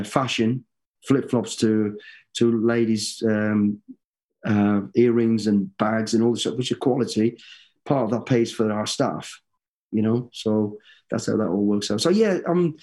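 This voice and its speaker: A middle-aged man talks as a guest in a casual interview. He tells his stories with plenty of energy, swears freely and acts out the voices of people he quotes. His voice sits at an ordinary middle pitch. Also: warm tone.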